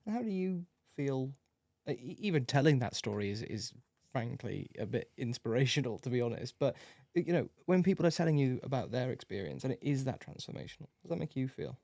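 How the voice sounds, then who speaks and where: A man's voice: mid-range voice, sing-song, brisk, creaky, few pauses, dark tone, no room sound, clean studio sound. A man hosting a podcast interview in a plain, conversational, responsive way. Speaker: podcast host. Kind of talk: casual interview chat.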